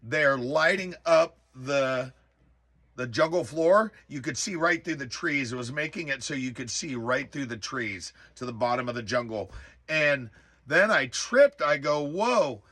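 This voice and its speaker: Animated man with a bright tone. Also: medium pitch, measured pace. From rural area. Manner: animated, exclaims in bursts, many fillers. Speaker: storyteller. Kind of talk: casual spoken recollection.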